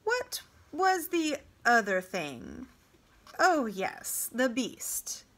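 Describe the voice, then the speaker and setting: A shrewd, indifferent king speaks in a flat, toneless way, probing his captive slowly, as a woman reads him aloud. Storybook reading, the voice pitched a little higher than the narration. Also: exaggerated voice. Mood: cool. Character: shrewd, indifferent middle-aged male king.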